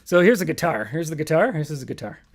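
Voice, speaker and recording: A man's voice: on the high side, big pitch swings, quick pace. A man hosting a casual livestream, singing comic songs and chatting loosely between them with self-deprecating remarks. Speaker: singer-songwriter and livestream host. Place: home room. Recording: voice with loud acoustic guitar.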